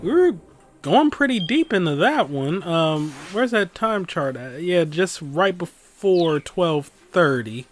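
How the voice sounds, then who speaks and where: A man hosting a let's play, reading the game text aloud in an amused, playful way. His voice sits a little high and moves up and down freely as he chats. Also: expressive, slow.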